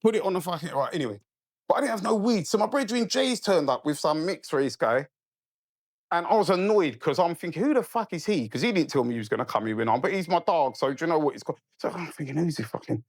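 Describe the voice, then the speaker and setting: On the high side and fast-talking, he's a podcast guest telling a long story casually, animated and profane, forever asking "right?" to check his listener is with him. The audio is studio quality with no room sound.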